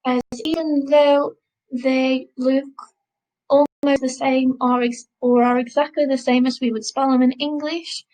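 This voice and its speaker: A woman teaching a recorded French lesson, modelling words slowly and repeating them for learners to copy. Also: sits high, a little mellow, low-quality recording. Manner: slow, careful pronunciation drills, repeating words.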